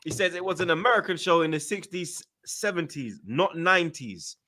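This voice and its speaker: A man's voice: a little high, normal speed. A young man, chatting casually about football as host and using lots of slang. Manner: London slang, animated, voice jumps up when excited. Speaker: podcast host.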